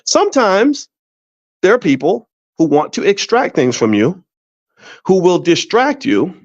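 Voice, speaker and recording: Middle-aged male host, animated storyteller, folksy restarts, slightly high voice, dry dull lo-fi sound. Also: measured pace, no room sound. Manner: folksy, repeats himself and restarts often. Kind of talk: casual commentary monologue.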